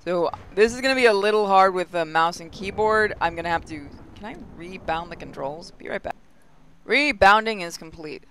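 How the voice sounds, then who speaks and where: A man's voice: sits high, moderate pace, a bit bright, clear, resonant tone. A man hosting a casual let's-play video, chatting and reacting aloud as he plays a game. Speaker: gaming video host.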